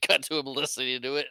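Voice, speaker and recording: A man co-hosting a podcast, chiming in with quick agreements and frequent laughs during a casual movie recap. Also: mid-range voice, pushed and bright, no room sound. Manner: laughs often, chimes in with short agreements. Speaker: podcast co-host.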